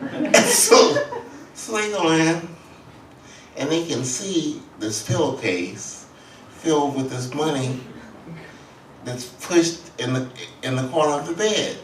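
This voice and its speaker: A man's voice: fairly high pitch, slow pace, long pauses, slight background noise. A man speaking as an author and guest at a public talk, telling a story at a leisurely pace and acting out the quotes. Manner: leisurely, animated storyteller who acts out the quotes. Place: event hall. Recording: roomy hall audio from a distance.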